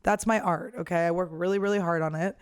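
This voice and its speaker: A woman's voice: lowish voice, steady tone, fast talker, smooth, dry recording, studio quality. A woman comedian in her thirties telling a story in a casual, blunt, profane rant. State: hiccuping and burping. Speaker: comedian and host.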